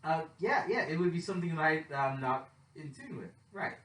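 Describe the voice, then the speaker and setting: A young man from Canada trades loud, swear-filled banter as co-host of a casual podcast. His voice sits a little high for a man. He is recorded in an echoey room, some way off the mic. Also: expressive, a little fast, recorded from a distance. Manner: loud, laughing, swears a lot, interrupts. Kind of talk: casual chat. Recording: roomy echo, away from the mic.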